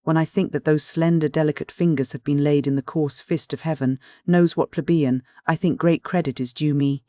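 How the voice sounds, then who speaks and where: A man's voice: a little high, fairly even intonation, moderate pace, mellow, dry recording, studio quality, lightly acted. A man voicing a bankrupt old noble father, flowery, mocking and cynical in a storybook reading.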